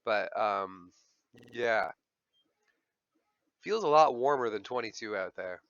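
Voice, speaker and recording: A man's voice: fairly low pitch, lively intonation, takes it slowly, gravelly, a bit bright, no room sound, dull audio. A man hosting a livestream, chatting casually with friends on voice chat, full of fillers and the odd swear. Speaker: livestream host.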